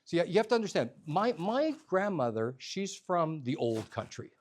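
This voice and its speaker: A man telling a personal story to a live audience, in an animated, humorous, conversational way. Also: a little high, normal speed.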